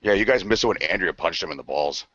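A man's voice: low voice, lively intonation, fast talker, pushed and bright, husky. A man co-hosting a casual podcast, telling rowdy convention stories full of swearing and laughter, acting out what others said. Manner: profane, laughing, acts out quoted voices. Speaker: podcast co-host. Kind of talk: casual storytelling chat. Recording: dull lo-fi sound, dry.

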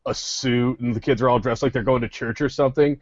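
A man co-hosting a podcast, telling a story in a halting way with many fillers. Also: mid-range voice, fairly even intonation, no echo. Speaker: podcast co-host. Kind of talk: casual chat. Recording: dull lo-fi sound.

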